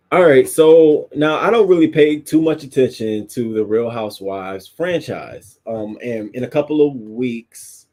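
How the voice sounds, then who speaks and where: A man's voice: low-pitched, dark tone, slightly rough. A man hosting a casual commentary show, chatting in a loose, profane way at his desk mic. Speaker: host.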